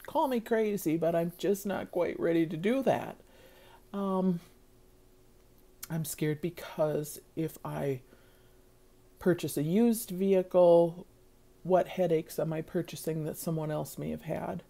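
A woman's voice: on the low side, takes it slowly, vocal fry, dark tone. A middle-aged woman talking to her viewers in a casual vlog, earnest and rambling, with many fillers. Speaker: vlogger.

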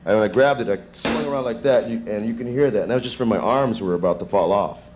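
A man in his thirties, a session drummer, answering students' questions in a rambling, animated way with chuckles, in a music school classroom. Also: fairly low pitch, fast, background noise. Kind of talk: casual Q&A with students.

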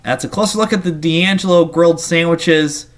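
Brief: man, slightly high voice, reads menu lists casually, adds off-the-cuff asides, trips over words now and then. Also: moderate pace. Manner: reads menu items aloud in lists, with asides and small slips. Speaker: menu reviewer.

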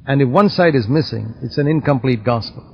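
A man teaching a Bible lesson in a measured, explanatory way, using everyday illustrations. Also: mid-range voice, gravelly. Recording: slightly dull audio, faint background hiss.

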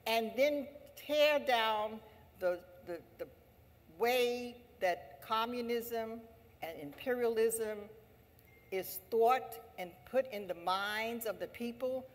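A woman's voice: a little high, slow pace. Impassioned woman speaking in a reverberant hall. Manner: emphatic and repetitive, rising to forceful exhortation. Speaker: labor leader speaking at an assembly. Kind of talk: impassioned rally speech.

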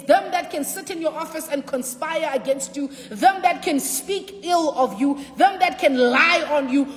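A woman preaching a sermon with passion, repeating lines and shouting out at times. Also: high voice, reverberant, long reverb tail. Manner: impassioned preaching with shouts and repetition.

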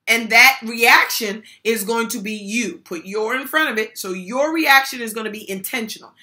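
Older lady giving a folksy pep talk, bright punchy voice, bit high, keeps repeating her points. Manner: emphatic, folksy, repeats key phrases. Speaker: workshop speaker. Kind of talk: motivational talk on mental health support.

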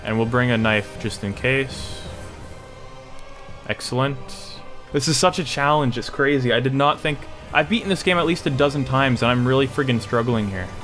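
A young man giving live gameplay commentary, swinging between low mutters and panicked yelps and shouts. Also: normal speed, soft background music. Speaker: gaming YouTuber.

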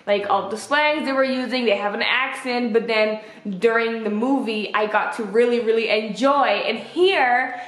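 Chatty young woman in an echoey room. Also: normal speed. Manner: chatty and animated, acts out quotes with pitch jumps. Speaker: vlogger reviewing a film. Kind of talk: casual chat.

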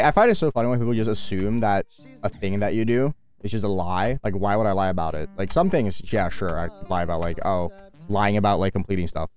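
A young man streaming a game, ranting in a rambling, profane, animated way as he plays. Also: fairly low pitch. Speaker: gaming streamer. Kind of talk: casual commentary while playing.

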